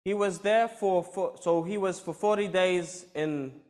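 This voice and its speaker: A man gives a sermon with a somewhat raised pitch. He reads a scripture passage and then explains it in his own words. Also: measured pace, a little mellow. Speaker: preacher.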